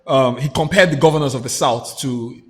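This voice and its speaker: A man giving his views as a guest on a political talk show, opinionated and halting, with frequent restarts. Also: mid-range voice. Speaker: guest commentator.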